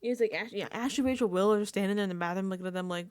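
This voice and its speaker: Racing through a casual reality TV recap, a woman vlogger reacts, laughs often, and drops into whispers. Her mid-range voice is smooth with a darkish tone.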